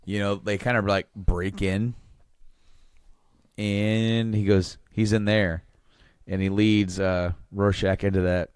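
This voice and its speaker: A man co-hosting a podcast, talking casually with a halting, laid-back manner. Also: fairly low pitch, little pitch movement, darkish tone, clear, resonant tone, no echo. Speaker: podcast co-host. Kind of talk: casual comic book chat.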